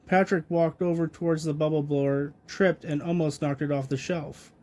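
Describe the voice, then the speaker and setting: A man narrates a children's picture book in a gentle, even way. His voice is mellow and sits a little high for a man. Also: moderate pace, few pauses. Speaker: storybook reader. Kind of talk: reading a children's story aloud.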